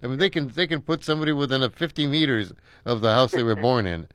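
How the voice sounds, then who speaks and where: A man's voice: medium pitch, a bit bright, no echo. Older american guy rambling and chuckling, lots of uhs, dry close sound. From United States. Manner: rambling, chuckling often, halting with many uhs. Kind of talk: casual chat.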